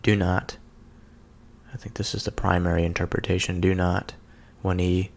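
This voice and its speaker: A man giving a slow, halting contemplative reflection on a scripture reading, pausing often and thinking aloud as he goes. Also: low voice, little pitch movement. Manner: slow, halting, with many pauses and fillers. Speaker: solo speaker reflecting on scripture.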